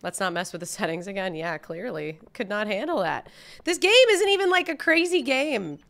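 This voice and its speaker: A woman's voice: medium pitch, expressive, moderate pace, creaky, a bit bright. A young woman streaming a game, chatting in a bubbly way with her viewers. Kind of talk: casual gameplay livestream.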